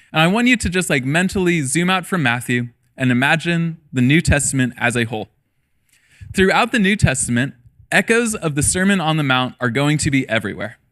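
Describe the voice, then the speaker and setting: On the high side with a fairly bright tone, this man in his thirties serves as a middle school pastor. His sermon is casual, built on personal stories, jokes and laughter.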